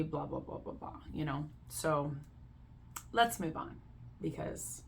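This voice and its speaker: A woman's voice: deep voice, takes it slowly, vocal fry, long pauses, slight background noise. A woman reading Reddit posts aloud and giving blunt, opinionated commentary in a casual way, with lots of "like". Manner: blunt, opinionated, heavy use of "like". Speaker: Reddit story reader and commentator.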